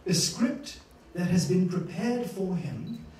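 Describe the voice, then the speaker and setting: A man giving a master-class lecture to students, an animated storyteller who acts out scenes and laughs often. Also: high-pitched, takes it slowly, slight background noise. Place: university lecture room. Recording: echoey hall, distant mic.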